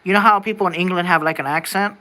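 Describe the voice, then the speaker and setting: A vlogger thinks out loud to the camera in a loose, wandering way. Sentences stop and restart as the questions pile up, with the odd curse thrown in. The voice is bright and sharp-edged. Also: medium pitch, fairly even intonation, quick pace. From United States. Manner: rambling and wondering aloud, with frequent restarts and casual swearing. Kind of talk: casual musing to camera.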